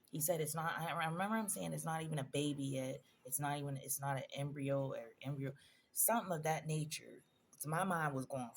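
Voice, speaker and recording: A woman's voice: deep voice, creaky, darkish tone, slight background noise. A woman in a personal vlog, telling a painful story in a conversational, emotional way, addressing viewers directly. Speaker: vlogger.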